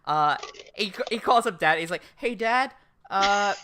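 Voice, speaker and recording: A woman's voice: mid-range voice, animated, measured pace, a bit bright, slight background noise. A woman co-hosting a casual podcast recap, swearing freely and acting out characters' lines as she retells the plot. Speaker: podcast co-host.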